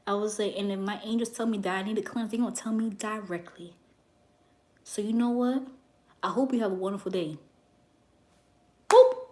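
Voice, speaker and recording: A young woman who works as a psychic reader, telling a story to her viewers in a brash, animated way and swearing freely. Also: medium pitch, normal speed, pauses often.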